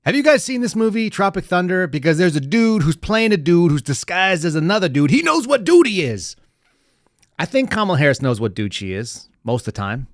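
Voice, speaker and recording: A man's voice: high voice, sing-song, brisk, dry recording. A man hosting a podcast, giving sardonic, rambling political commentary into a close mic. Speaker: podcast host.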